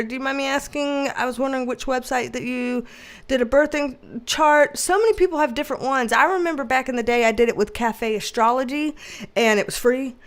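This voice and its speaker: A high-pitched woman with a nasal voice chats loudly and bubbly on a livestream. She laughs often as she answers viewers and keeps the tone casual. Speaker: tarot reader and livestream host. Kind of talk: casual livestream chat reading viewer comments.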